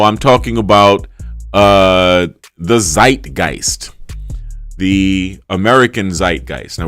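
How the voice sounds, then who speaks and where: A man's voice: lowish voice, a bit bright. A man with a New Orleans accent hosting a casual livestream, lecturing in a repetitive way and checking in with the audience often. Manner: repetitive, lecturing, keeps checking in with "right?" and "okay?". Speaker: livestream host. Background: faint funky music beat.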